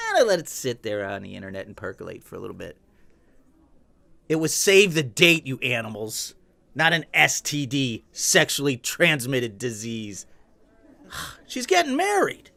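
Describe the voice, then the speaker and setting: Bright-voiced man doing stand-up. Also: a little high, moderate pace, vocal fry, no room sound. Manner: wry and animated, acts out quotes. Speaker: stand-up comedian. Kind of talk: stand-up comedy storytelling.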